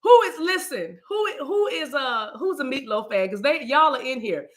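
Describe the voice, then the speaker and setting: Spiritual host, a woman: high, bright voice, playful, chatty with her live audience. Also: moderate pace. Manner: animated, playful, breaks into chant-like sounds. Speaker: spiritual reader hosting a live stream. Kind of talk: casual live-stream talk with chat.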